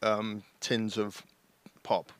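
A man's voice: lowish voice, completely flat delivery, drawn-out words, smooth, dry recording. Podcast host, man, easygoing and jokey, dry studio sound. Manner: jokey, playful, drifts into put-on accents. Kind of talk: casual chat.

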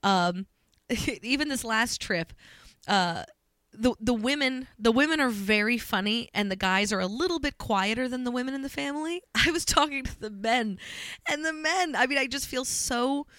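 A woman's voice: on the high side, moderate pace, a bit bright, no echo, clean studio sound. A woman co-hosting a podcast who chats in a rambling, giggly way with many fillers. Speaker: podcast co-host. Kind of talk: casual chat.

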